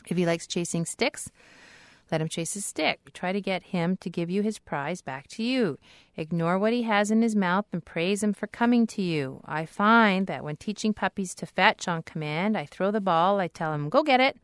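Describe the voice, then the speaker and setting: Smooth low-voiced woman teaching dog tricks. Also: moderate pace, no echo, clean studio sound. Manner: upbeat, breaks into a high sing-song praise voice. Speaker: dog trainer. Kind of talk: instructional talk.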